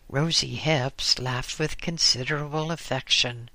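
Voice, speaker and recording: A reader slowly narrating an audiobook chapter, reading the characters' dialogue inside the narration. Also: medium pitch, pushed and bright, no room sound. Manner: slow, measured reading with quoted dialogue.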